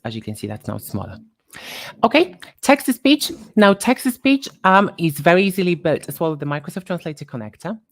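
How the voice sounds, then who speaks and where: A woman presenting a live software tutorial, talking while she clicks through screens and quickly corrects her own slips. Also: low voice, no room sound, clean studio sound.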